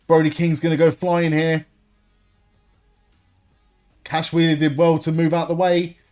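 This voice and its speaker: A young man hosting a live wrestling watch-along stream, reacting excitedly, swearing freely and chatting with viewers. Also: a little high, unhurried, soft background music. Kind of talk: live reaction commentary and chat.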